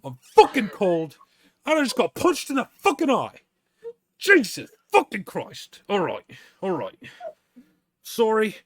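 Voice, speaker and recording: A man voicing a hurt, defeated male bandit who swears loudly and begs to be spared. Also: huge pitch swings, slow, pauses often, no echo, clean studio sound, heavily acted. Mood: pleading angry. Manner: swearing, pleading, high and loud.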